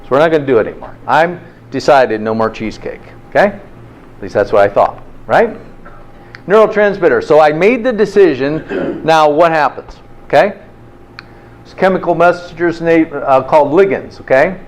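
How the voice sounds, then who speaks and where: A man's voice: fairly high pitch, moderate pace. A man teaching a health class in an informal, interactive way, often checking in with "okay?". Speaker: health instructor.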